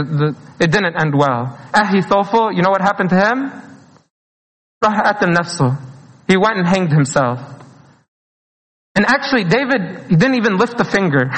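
A man preaches, his voice sitting high. He speaks earnestly and pleadingly, slipping in phrases and short laughs. The sound carries a long reverb, as if in a church hall. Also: a bit bright. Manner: earnest, pleading, mixes in Arabic phrases, laughs between lines. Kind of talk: sermon.

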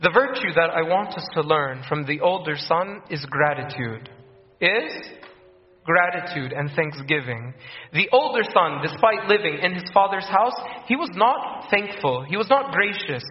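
A man's voice: a little high, animated, measured pace. A man preaching a sermon, earnest, repeating key phrases and acting out the voices of people in his stories. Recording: echoey room, dull lo-fi sound.

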